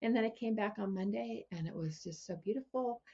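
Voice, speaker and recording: A woman business coach and podcast guest, telling stories in a relaxed way and often restarting her phrases. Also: medium pitch, brisk, husky, lo-fi sound. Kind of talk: casual interview chat.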